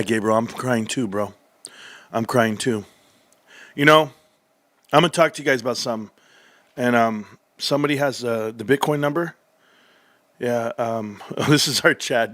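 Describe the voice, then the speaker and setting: A man hosting a livestream, reading through financial reports with excitable commentary that swings from muttering to yelling, his voice going hoarse. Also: mid-range voice, dry recording. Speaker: livestream host.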